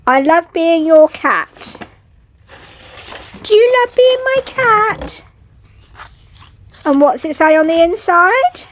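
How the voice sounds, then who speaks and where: A woman's voice: very high voice, sing-song, takes it slowly, pauses often, slight background noise. A woman talking to her pet cat in cooing baby talk. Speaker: vlogger.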